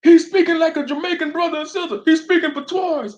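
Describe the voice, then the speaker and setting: Exaggerated male preacher caricature, shrill and mocking, put on by a man. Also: quick pace.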